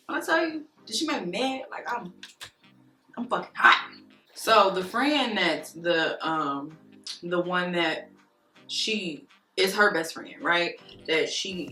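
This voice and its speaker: A beauty vlogger with a high-leaning, pushed and bright voice tells a story while doing her makeup, venting in a heated, profane, emphatic way. The room sounds roomy, with faint music in the background.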